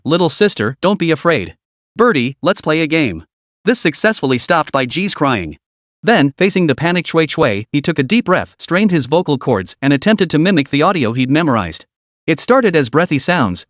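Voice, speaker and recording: A man narrating an audiobook story in an animated reading style. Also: on the high side, no echo, studio quality.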